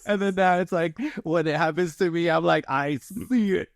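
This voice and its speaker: A man co-hosting a podcast in casual chat, laughing often and acting out quoted lines in higher voices. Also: steady tone, moderate pace, creaky, no room sound, clean studio sound. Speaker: podcast co-host.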